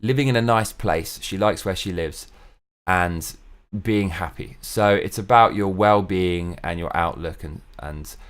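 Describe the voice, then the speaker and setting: In a deep, clear, resonant voice and an unhurried pace, a young English show host delivers a casual solo monologue. He rants with plenty of profanity and strong opinions.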